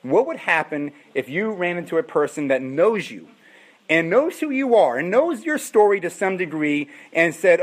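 High-voiced pleading male preacher. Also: sing-song, moderate pace. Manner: pleading, impassioned, repetitive. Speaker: pastor. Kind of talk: sermon.

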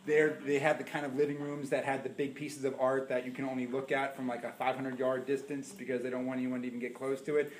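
A middle-aged man preaching a sermon as pastor, telling stories with big swings between loud and hushed. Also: medium pitch, level tone, quick pace, hardly any pauses, slight background noise. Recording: echoey room.

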